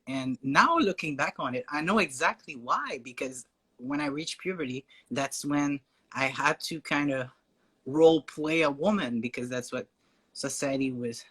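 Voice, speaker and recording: A man with a French Canadian accent, chatting as a guest in a casual conversation, hesitant with fillers and quick to laugh. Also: mid-range voice, pushed and bright.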